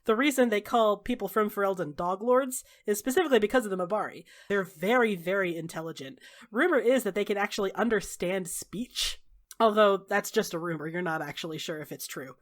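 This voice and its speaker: Woman, game master, tabletop game, chatty, laughing, mid pitch. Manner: laughs often, talks fast with many "like"s; brief character voices, then back to narration.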